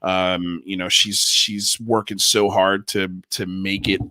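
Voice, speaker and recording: A man's voice: deep voice, little pitch movement, slow pace, pushed and bright, no room sound. A man hosting a livestream, talking loosely with lots of fillers and casual slang. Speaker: livestream host.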